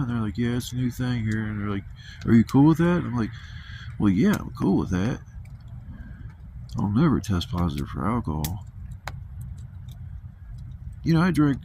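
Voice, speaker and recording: Man, low and gravelly, laid-back profane storyteller; noisy outdoor ambience. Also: a little mellow. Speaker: vlogger. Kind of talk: casual storytelling. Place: outdoors at a campsite.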